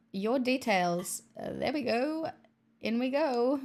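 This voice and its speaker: A woman's voice: fairly high pitch, lively intonation, slow, gravelly, darkish tone. A young adult woman streaming, reading chat aloud in a playful, teasing casual chat.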